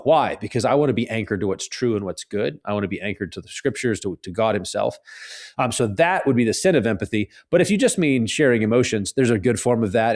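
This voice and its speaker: A man, a guest author, talking earnestly in an interview, animated and often restarting his sentences. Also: fairly low pitch. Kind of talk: conversational interview.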